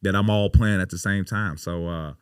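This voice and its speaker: Deep-voiced man telling stories emphatically. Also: fairly even intonation, normal speed, smooth, dry recording, studio quality. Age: 30s. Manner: emphatic, profane, heavy on "you know" fillers. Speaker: podcast guest, pro basketball player. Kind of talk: casual interview storytelling.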